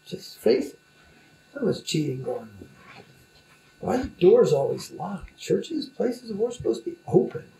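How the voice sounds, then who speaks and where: A man's voice: high-pitched, sing-song, moderate pace, vocal fry, mellow, reverberant, rough recording. A man who is a spiritual teacher, talking informally in loose, rambling speech with many fillers. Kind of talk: informal conversation.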